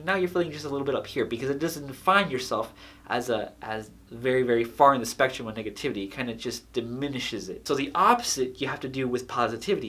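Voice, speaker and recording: A man's voice: a little high, a bit bright. Earnest man giving casual pep talk. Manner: earnest, repeats phrases, laughs at own jokes. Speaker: motivational speaker. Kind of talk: casual motivational talk to camera.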